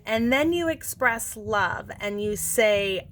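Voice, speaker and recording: A woman vlogger talking gently and earnestly to camera, walking through a forgiveness practice with many fillers and restarts. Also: fairly high pitch, lively intonation, slow, few pauses, slight background noise. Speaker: self-help vlogger. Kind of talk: casual instructional talk to camera.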